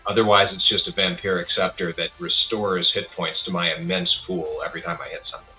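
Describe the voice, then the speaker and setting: A man's voice: deep voice, level tone, fairly quick, pushed and bright, faint music behind, low-quality recording. A man playing in a tabletop game, making dry, matter-of-fact quips. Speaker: player.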